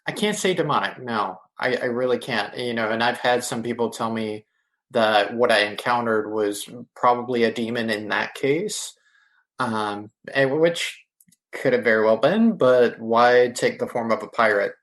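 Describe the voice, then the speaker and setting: A man who is a podcast guest, telling a vivid first-person story in a casual interview and filling pauses with "you know". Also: mid-range voice, fairly bright tone. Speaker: podcast guest, ghost tour guide.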